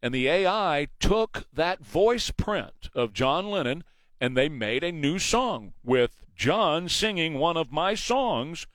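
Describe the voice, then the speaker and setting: A man hosts a morning talk show on the radio, pressing his points with rhetorical questions. His voice sits on the high side, and the sound is dry and close to a studio mic. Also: animated, takes it slowly, fairly bright tone, no room sound. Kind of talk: morning news talk monologue.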